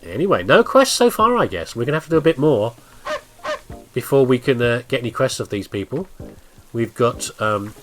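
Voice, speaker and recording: Chatty man with a lively voice. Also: mid-range voice, moderate pace, soft background music. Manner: chatty, rambling, laughs often. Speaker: gameplay video host. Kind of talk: casual let's-play commentary.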